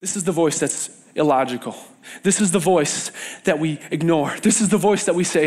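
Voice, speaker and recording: A man's voice: sits high, fairly quick, few pauses. A young adult man preaching a sermon to a youth group, telling stories and acting out the voices he quotes. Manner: animated storytelling, acts out quoted voices.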